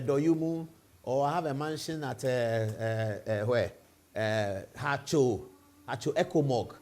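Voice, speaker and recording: A man's voice: mid-range voice, a little mellow. A man with a Ghanaian accent hosting a live evening TV talk show, asking rhetorical questions and spinning hypothetical stories in the first person. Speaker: TV show host.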